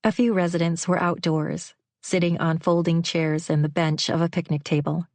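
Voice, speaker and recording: A woman narrating a novel in a measured, even way on a close studio mic. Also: fairly low pitch, dry recording. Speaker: audiobook narrator. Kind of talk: scripted narration.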